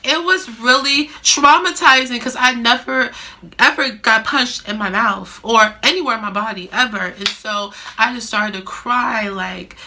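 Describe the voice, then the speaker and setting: A young adult woman vlogger telling a story in a chatty, animated way, full of fillers. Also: on the high side, unhurried, a little hiss or hum. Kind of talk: casual storytime.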